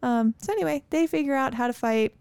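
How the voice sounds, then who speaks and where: A woman with a gravelly, fry-tinged voice talks through an episode recap in an earnest, chatty way and adds her own commentary. The sound is dry and close, with no room echo. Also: high-pitched, brisk, darkish tone. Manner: earnest, adds commentary and brief agreeing backchannels. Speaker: podcast co-host. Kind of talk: casual episode recap chat.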